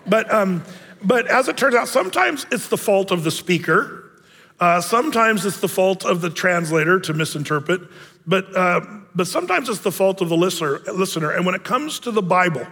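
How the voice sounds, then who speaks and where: A man's voice: a little high, fairly bright tone. Man preaching in an echoing hall. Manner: conversational storytelling with self-deprecating humor. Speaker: pastor. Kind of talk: sermon. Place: church sanctuary.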